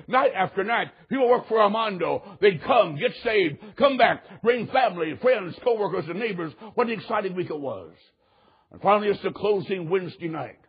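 A preacher with a high, husky voice tells a story from the pulpit, rising to shouts and then dropping low. The sermon recording sounds dull and lo-fi. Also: male voice. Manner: animated storyteller, swings from loud to hushed.

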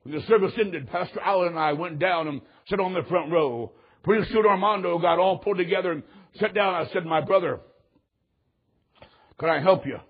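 A preacher with a high, husky voice tells a story from the pulpit, rising to shouts and then dropping low. The sermon recording sounds dull and lo-fi. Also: male voice, brisk. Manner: animated storyteller, swings from loud to hushed.

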